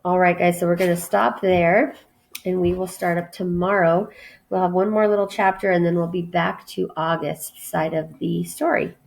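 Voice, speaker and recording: A woman teacher reading a children's book aloud to her students in a friendly, steady way. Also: lowish voice, moderate pace, gravelly.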